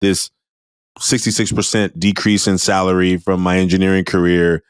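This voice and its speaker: A man's voice: low-pitched, level tone, moderate pace, clear, resonant tone, no echo. A man talks casually as a podcast host and teacher. He acts out his own remarks to students, and the sound is close and dry with no room around it. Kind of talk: casual conversational reflection.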